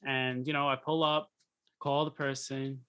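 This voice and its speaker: A man's voice: mid-range voice, level tone, measured pace, bright, forceful tone, clean tone. A young man co-hosting a podcast, chatting casually and telling rambling stories with frequent restarts. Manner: rambling storyteller, restarts often. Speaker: podcast co-host. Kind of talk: casual chat.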